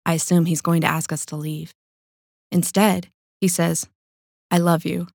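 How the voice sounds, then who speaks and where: A woman reading her own personal essay aloud in a calm, measured, sincere way. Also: sits low, vocal fry, no echo, studio quality.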